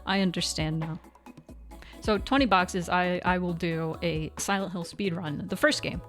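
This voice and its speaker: A woman's voice: fairly low pitch, steady tone, unhurried. Young woman, casual stream chat, rambling, filler-heavy, desk mic, faint music. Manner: rambling, many fillers and restarts. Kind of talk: casual live-stream chat with sponsor read.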